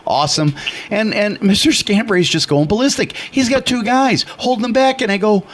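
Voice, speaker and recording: A man from Chicago co-hosting talk radio, fairly high-voiced and never quiet. He tells stories loudly and with plenty of passion, putting on voices for everyone in them. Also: fairly quick. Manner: loud and animated; passionate, retells dialogue with acted voices. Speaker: radio co-host. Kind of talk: casual radio storytelling.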